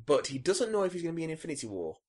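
A young man co-hosting a podcast, trading wry, deadpan quips in casual chat. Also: fairly high pitch, rapid-fire. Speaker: podcast co-host.

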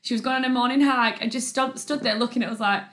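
A young woman, co-hosting a casual podcast and telling stories in an animated, chatty way. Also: a little high, fast. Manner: chatty, animated storytelling with laughs. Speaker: podcast co-host. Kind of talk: casual chat.

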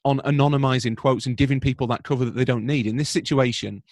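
A man from Britain, a football journalist, talking through the news on a podcast in a measured, analytical way with frequent restarts. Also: medium pitch, steady tone, no room sound, studio quality. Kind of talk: conversational podcast commentary.

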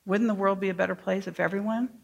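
A woman's voice: medium pitch, fairly even intonation, quick pace, gravelly. A woman educator giving a workshop talk to teachers, speaking emphatically and asking the room questions. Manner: emphatic, asks the audience questions.

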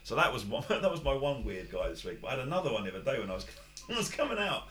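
Male podcast host, quick rambling storyteller, animated and bright. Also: mid-range voice, a little hiss or hum. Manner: rambling anecdotes with quoted voices and laughs. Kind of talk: casual storytelling chat.

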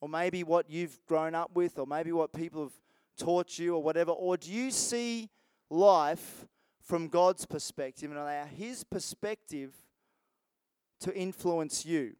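Male pastor, loose conversational sermon delivery; clean, crisp voice. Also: a little high, measured pace, darkish tone, dry recording. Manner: conversational, rambling with restarts and asides.

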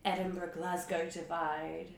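A woman's voice: fairly low pitch, flat delivery, measured pace, vocal fry. Hesitant young woman podcast host. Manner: tentative, hedging questions. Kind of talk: casual interview. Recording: roomy echo, faint noise.

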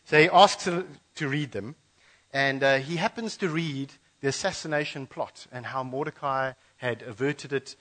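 A pastor preaching to his church, telling a Bible story and acting out the characters' lines in lively voices. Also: mid-range voice, moderate pace, rough recording. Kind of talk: sermon.

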